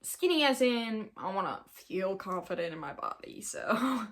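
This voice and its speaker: Here a nineteen-year-old woman talks casually on her solo podcast, wandering from point to point with giggles, self-deprecating jokes and the odd put-on accent. Her medium-pitched voice is animated yet unhurried.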